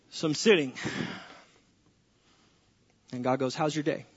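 A male pastor preaching a sermon, acting out his conversations with God in an animated storytelling way. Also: fairly high pitch, normal speed, long pauses, breathy edge, dull audio.

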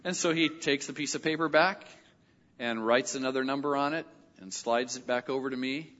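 A middle-aged male pastor telling a personal story in a sermon, animated and lively when he quotes other people. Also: mid-range voice, normal speed. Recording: dull audio with long hall reverb.

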